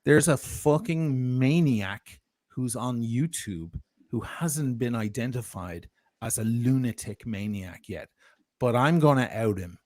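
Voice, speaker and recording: A man's voice: mid-range voice, expressive, slow pace, darkish tone, dry recording, clean studio sound. A man telling a heated, profane story of grievance as a guest on a livestream. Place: lives in Italy.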